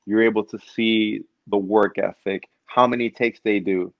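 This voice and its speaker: Animated man with a low voice. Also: moderate pace, dry recording, highs cut off. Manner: animated storyteller, acts out quotes. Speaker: stunt performer guest. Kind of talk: casual interview chat.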